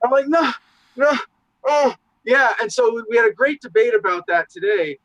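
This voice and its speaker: A man in casual podcast conversation, talking in animated, profane, rambling asides. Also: very high-pitched, fairly quick, no echo, muffled recording. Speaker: podcast guest, show host.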